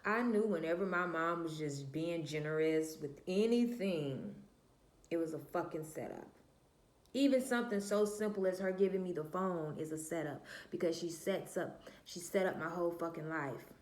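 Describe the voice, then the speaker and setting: A woman's voice: on the low side, normal speed, a little mellow. Blunt woman telling her story, roomy echo. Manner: candid and blunt, swears freely, addresses viewers as y'all; emphatic, repeats herself and trails off with "da, da, da". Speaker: vlogger telling a personal story. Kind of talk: casual storytime monologue.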